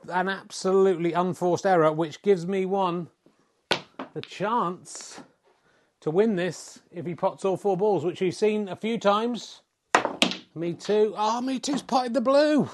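Middle-aged man, slightly high voice, wry deadpan snooker-style commentator. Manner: wry, self-mocking, swears in mock exasperation. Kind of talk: mock sports commentary.

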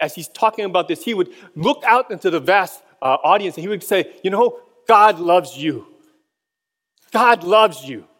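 A man's voice: high-pitched, a bit bright, in a large hall. A middle-aged man preaching a sermon, telling stories and chuckling between points. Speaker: pastor.

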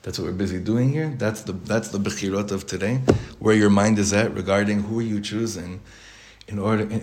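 A man's voice: lowish voice, a little hiss or hum. A man giving an informal Torah class to his congregation in a synagogue study hall. He talks conversationally, with restarts, joking asides and many Hebrew and Yiddish terms. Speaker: rabbi teaching his congregation. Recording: echoey room.

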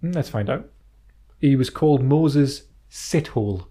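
A man co-hosting a chatty podcast, his voice sitting at an ordinary middle pitch. He is excitable and jokey, swearing freely as he banters with his co-host over a home setup. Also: measured pace. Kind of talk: casual banter.

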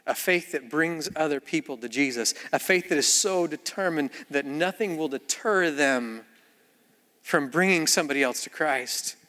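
A man preaching a sermon in a church, telling the story with animated acted-out voices. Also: on the high side, moderate pace, big-room sound. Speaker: pastor.

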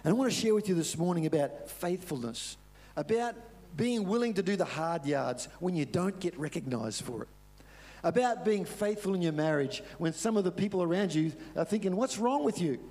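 An Australian man preaches with earnest, emphatic storytelling. His voice sits a little higher than most men's, and he drives points home by repeating them. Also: lively intonation, moderate pace, dark tone. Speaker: pastor. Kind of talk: sermon.

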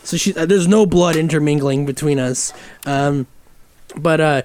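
A man's voice: a little high, moderate pace, a little mellow. A man from Michigan co-hosting a podcast, telling a rambling, profane, self-mocking story in a casual comedic way. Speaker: podcast co-host.

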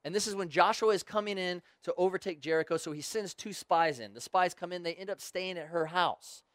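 Male preacher, slightly high voice, chatty storytelling, dry close sound. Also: a little fast, fairly bright tone, no echo. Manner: casual storytelling with joking asides. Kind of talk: sermon.

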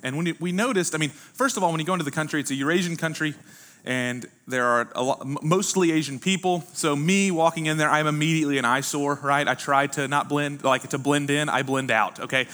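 A man's voice: a little high, fast, pushed and bright. A young adult American man, a pastor, preaching a sermon with casual, storytelling asides. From United States. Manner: conversational storytelling, folksy asides. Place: church sanctuary.

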